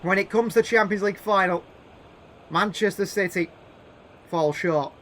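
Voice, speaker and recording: A man giving play-by-play commentary over a football video game, calling names in short bursts and shouting when chances come. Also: sits high, moderate pace, a little hiss or hum. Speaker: gaming YouTuber doing live commentary.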